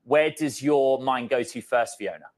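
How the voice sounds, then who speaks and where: A man's voice: medium pitch, unhurried. A man co-anchoring a finance broadcast, putting direct questions to a guest and addressing her by name. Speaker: news anchor.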